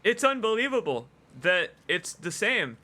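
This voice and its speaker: A man streaming a video game, commenting excitedly and emotionally, gushing and laughing often. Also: high voice, measured pace. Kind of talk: let's play commentary.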